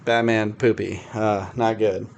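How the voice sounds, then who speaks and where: A man's voice: on the low side, level tone, unhurried, gravelly, slight background noise. Rambling sarcastic male podcast host. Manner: rambling, sarcastic, lots of fillers. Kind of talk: casual chat review.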